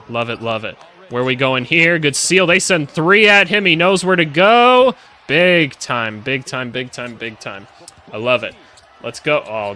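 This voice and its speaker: A man, a former basketball coach, giving a casual, excitable film breakdown, talking straight to his viewers. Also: a little high. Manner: animated, excitable, talks to viewers as y'all and my guy.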